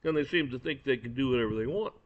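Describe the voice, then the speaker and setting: A man with a medium-pitched voice rants quickly about his opinions, blunt and angry, cursing and repeating words. He's a commentator, and the lo-fi recording sounds dull.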